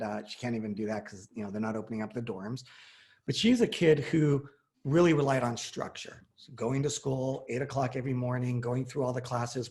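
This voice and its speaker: A man's voice: medium pitch, darkish tone. A man in his forties telling a personal story in casual conversation, acting out the quoted dialogue.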